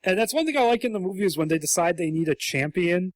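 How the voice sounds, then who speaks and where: Animated higher-voiced man chatting casually. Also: quick pace, dry recording. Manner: animated, acts out quotes in comic voices. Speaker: podcast co-host. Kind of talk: casual podcast chat.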